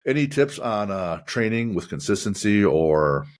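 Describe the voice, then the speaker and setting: A man hosting a podcast, chatting casually in a measured, reflective way and asking long, rambling questions. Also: lowish voice, sing-song. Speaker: podcast host. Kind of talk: casual interview chat.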